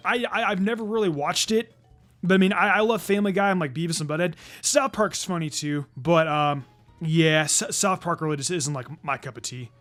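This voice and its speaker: Man, gaming commentary, slightly high voice, stammers and repeats words, curses when annoyed, faint game music behind. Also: brisk, fairly bright tone. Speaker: gaming channel host. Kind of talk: let's play commentary.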